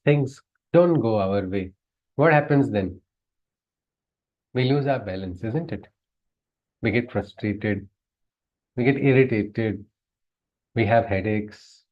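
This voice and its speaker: A man's voice: medium pitch, lo-fi sound. A man teaching a class on scripture, in a conversational way, often putting questions to his listeners and chuckling. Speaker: spiritual teacher. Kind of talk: lecture on scripture.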